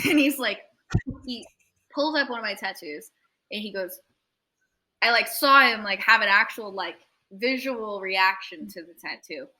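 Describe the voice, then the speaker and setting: A young woman, a tattoo artist, speaks at medium pitch and a measured pace while telling a long anecdote in a laid-back interview. Animated throughout, she curses freely and voices the other characters.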